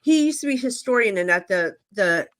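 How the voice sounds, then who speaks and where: A woman guest, a psychic medium, telling stories in a casual interview and acting out the dialogue with quick asides. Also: a little high, lively intonation, a bit bright.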